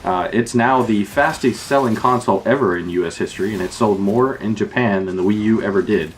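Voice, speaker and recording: A man's voice: fairly low pitch, brisk, slight background noise. A man co-hosting a casual podcast, laughing often and needling his partner. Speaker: podcast co-host.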